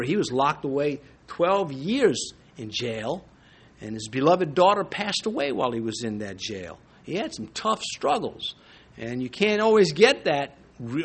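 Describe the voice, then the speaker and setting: A man's voice: a little high, a bit bright, breathy edge. An older man preaching a sermon as a pastor, in a conversational way, with asides and small restarts.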